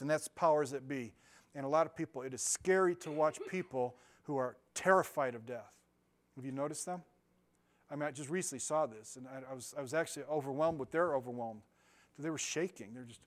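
An older man preaching in a loose, conversational way. His voice sits a bit high for a man, and he wanders through stories, corrects himself mid-sentence and laughs at his own asides. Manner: rambling, self-correcting, laughs often. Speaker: pastor. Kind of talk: informal sermon with storytelling.

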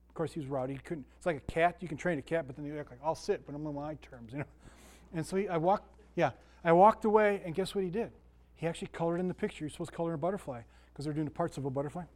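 A man's voice: a little high, racing, darkish tone. A man giving a casual, folksy Bible lesson, often asking his listeners questions and telling stories. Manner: folksy, chatty, asks the room questions. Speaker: Sunday school teacher.

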